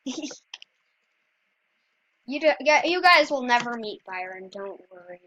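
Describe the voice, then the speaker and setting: Chatty high-voiced woman, dull lo-fi sound. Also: animated, unhurried, pushed and bright, slight background noise. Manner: chatty, rambling, talks to viewers. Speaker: gameplay video creator. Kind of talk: casual gameplay commentary. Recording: dull lo-fi dry recording.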